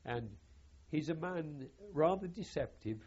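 An older man, recalling his wartime service in an oral history interview in a halting, measured way with wry self-deprecation, on a dull lo-fi recording. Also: fairly high pitch, expressive, darkish tone, breathy edge. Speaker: veteran interviewee.

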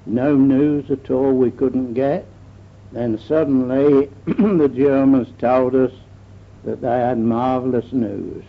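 A man's voice: medium pitch, steady tone, slow pace, creaky. An older man, recounting his war memories in a rambling oral history, often repeating "I said". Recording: dull old archival tape recording.

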